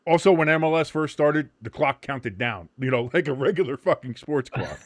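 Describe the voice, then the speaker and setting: An American man hosting a casual watch-along chat, his voice sitting a bit high and swinging widely in pitch as he jokes and swears freely. He switches between explaining the game and ranting in a lively, animated way. The sound is dry and close. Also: normal speed, no echo. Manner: profane, joking, animated. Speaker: host.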